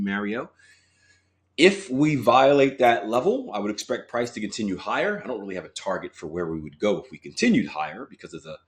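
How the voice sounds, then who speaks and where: A man with a lowish, fairly bright voice coaches viewers through a live trading walkthrough. He's chatty and casual, speaking straight to his audience and asking them to reply.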